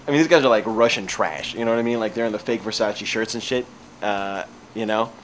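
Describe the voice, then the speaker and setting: A man casually telling a comic story in an animated, rambling way, with lots of fillers. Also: on the low side, brisk, slight background noise.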